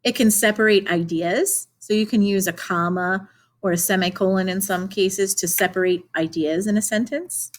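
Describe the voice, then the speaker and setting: A young adult woman, a teacher, giving a remote lesson to children in a clear, encouraging classroom manner, asking questions along the way. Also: mid-range voice, normal speed.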